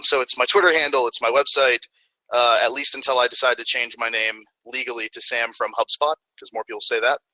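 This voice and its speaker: A man's voice: mid-range voice, bright, forceful tone, dry recording, low-quality recording. A man giving a webinar talk in a casual, upbeat, self-deprecating way. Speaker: webinar speaker. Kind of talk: casual presentation.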